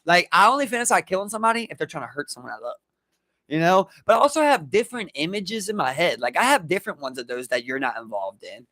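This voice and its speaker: A man with a Baltimore accent co-hosting a podcast, telling animated stories and acting out shouts. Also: sits high, quick pace, dry recording. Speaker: podcast co-host. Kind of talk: casual chat.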